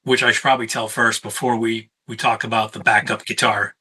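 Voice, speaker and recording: A man hosting a casual sit-down conversation and telling lively tour stories. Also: lowish voice, brisk, breathy edge, poor audio. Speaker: host; touring musician.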